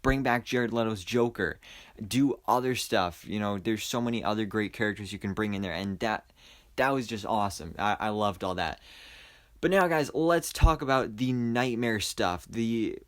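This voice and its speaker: A man's voice: lowish voice, normal speed. A young man giving a casual, enthusiastic movie review, rambling with lots of fillers and restarts. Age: young adult. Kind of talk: casual spoiler review monologue.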